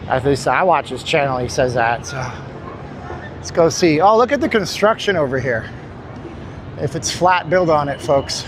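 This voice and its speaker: A man hosting a casual walking livestream, tired and winded, rambling and joking as he talks to his chat. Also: medium pitch. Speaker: livestream host. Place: city street outdoors. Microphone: handheld phone. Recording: phone mic on a noisy street.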